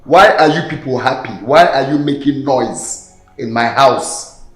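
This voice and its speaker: A man's voice: medium pitch, a little slow, a bit bright, close to an everyday voice. A man playing a scornful wealthy employer who mocks and belittles his servant. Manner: mocking, contemptuous. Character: scornful rich man berating his gateman. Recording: roomy film audio with faint music.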